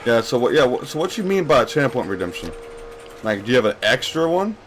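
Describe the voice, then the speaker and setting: A man's voice: mid-range voice, big pitch swings, fast talker, slight background noise. A young man streaming a game live, rambling casually and answering questions from his chat as he plays.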